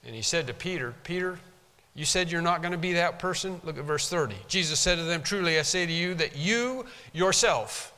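Emphatic preacher man, bright. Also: fairly high pitch, animated, moderate pace, in a large hall. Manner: emphatic preaching, pounds the pulpit. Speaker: pastor. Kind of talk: sermon. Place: church sanctuary.

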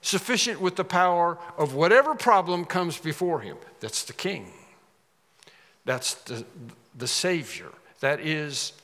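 A man's voice: on the high side, animated, unhurried, fairly bright tone, big-room sound. A man preaching a sermon, explaining scripture and rising dramatically when he quotes it.

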